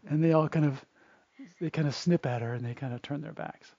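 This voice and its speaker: A man's voice: a little high, a little fast, vocal fry, mellow, breathy edge, dry recording. A man, a Buddhist monk, retelling a story in a casual, chatty way with fillers, on a dull, dry lo-fi recording. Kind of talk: storytelling dharma talk.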